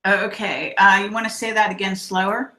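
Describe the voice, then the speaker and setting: A woman hosting an online live-stream interview, asking questions haltingly with many fillers. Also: mid-range voice, flat delivery, bright, forceful tone, poor audio. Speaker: host.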